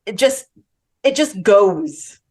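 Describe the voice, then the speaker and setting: A woman's voice: mid-range voice, expressive, slow, a little mellow. A woman hosting a podcast, talking about films in a casual, rambling way and acting out lines in quotes. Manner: enthusiastic, rambling, acts out quotes. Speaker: podcast host. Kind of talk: casual film chat.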